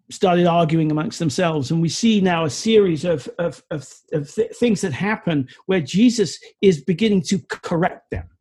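Husky, high-voiced man preaching. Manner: earnest, sometimes stumbling, drops to quiet reflection. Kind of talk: sermon.

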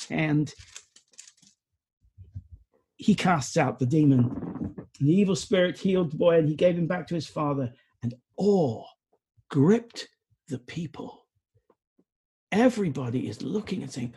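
A man preaches a sermon with earnest conviction, sometimes restarting his sentences. His voice is husky and sits fairly high for a man. He moves from lively passages to quiet, reflective ones. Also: moderate pace.

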